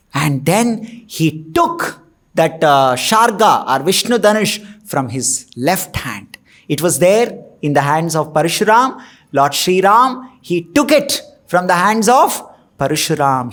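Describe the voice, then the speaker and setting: A man's voice: high-pitched, fairly bright tone. A man giving a scriptural discourse. He tells the story with animation, chanting Sanskrit verses and then explaining them. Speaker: monk and scripture teacher.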